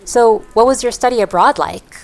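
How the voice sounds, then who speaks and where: A woman's voice: fairly high pitch, normal speed, gravelly, a little mellow, soft background music. Woman, interviewer, curious, probing questions. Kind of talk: conversational interview.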